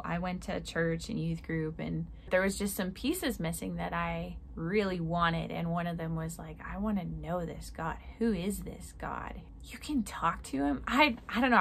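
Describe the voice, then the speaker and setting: Gravelly low-voiced woman teaching faith. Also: a little hiss or hum. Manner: chatty, conversational, often says "like"; acts out prayers in a chirpy voice. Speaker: Christian speaker. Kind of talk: casual devotional teaching.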